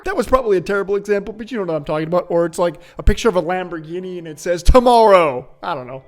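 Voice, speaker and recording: A man's voice: sits high, racing, darkish tone. A man hosting his own show, chatting in a playful, joking, upbeat way. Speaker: host. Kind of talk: casual vlog commentary.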